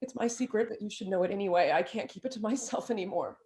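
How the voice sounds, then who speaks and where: A woman's voice: mid-range voice, fast, warm tone, lightly acted. A woman reading the part of an impulsive sister, stammering as she confides. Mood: confiding. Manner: stammering, bursting into confession. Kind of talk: staged play reading.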